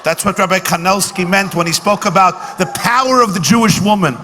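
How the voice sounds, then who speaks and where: A man with a fairly high voice tells jokes and stories to a dinner crowd, repeating his punchlines with snappy timing. He speaks from a podium in a banquet hall, so his voice carries a long reverb with faint room noise underneath. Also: brisk. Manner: punchy comic timing, repeats lines for effect. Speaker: rabbi giving a dinner lecture. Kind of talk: humorous speech with jokes and stories.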